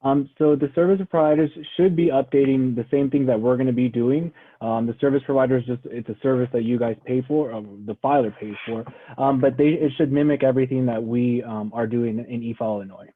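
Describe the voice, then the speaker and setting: A man from the software vendor answering technical questions on a webinar, hesitant and full of ums. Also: mid-range voice, steady tone, fairly quick. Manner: hesitant, filler-heavy answers. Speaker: software company staff. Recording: tinny phone-like line.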